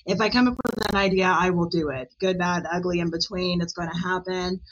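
A woman talking as a podcast guest in a casual interview, chatty and animated, often laughing. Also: on the low side, a little fast, muffled recording.

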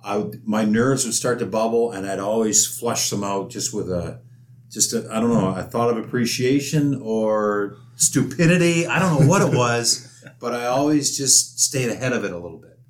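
A former hockey enforcer telling lively stories in casual chat, laughing often. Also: male voice, medium pitch, normal speed. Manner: animated anecdotes, laughs often. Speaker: retired hockey enforcer guest. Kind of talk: casual storytelling.

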